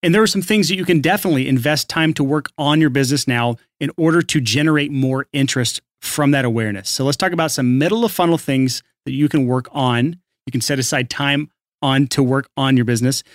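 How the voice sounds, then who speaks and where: A male podcast co-host explaining business steps in steady, casual teaching, keeping the talk on track. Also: medium pitch, fast, no echo, clean studio sound. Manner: steady, keeps the episode on track.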